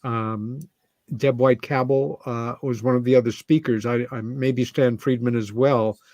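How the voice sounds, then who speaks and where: A man interviewing a guest on a video call, speaking casually and haltingly with fillers. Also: medium pitch, fairly even intonation, darkish tone, dry recording. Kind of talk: casual conversation.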